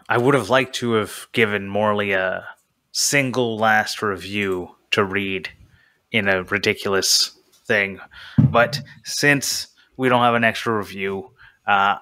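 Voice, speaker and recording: Bright-voiced man hosting a chatty podcast. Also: fairly low pitch. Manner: relaxed, chatty, trails off with fillers. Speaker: podcast host. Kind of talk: casual chat.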